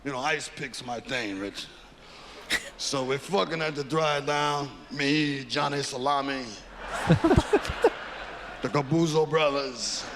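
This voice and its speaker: A man's voice: mid-range voice, slow pace, long pauses, background noise. A male comedian playing a boastful, cursing Italian-American mobster in a live stand-up bit. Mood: bragging. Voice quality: gravelly, cursing constantly. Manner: punctuates lines with "huh?" and barking laughs.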